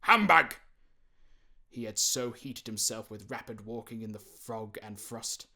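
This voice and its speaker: A man narrating a classic storybook in a measured, expressive reading, acting out the quoted characters. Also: on the low side. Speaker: audiobook narrator.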